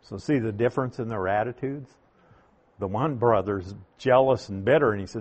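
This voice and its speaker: A man preaching a sermon, teaching through a Bible passage verse by verse in a deliberate, emphatic way. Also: fairly low pitch.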